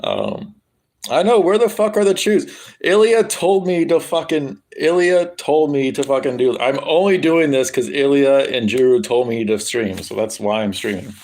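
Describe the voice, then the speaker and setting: A man's voice: mid-range voice, normal speed, a little mellow. A young man live streaming, chatting casually in a rambling, crude, joking way with lots of ums.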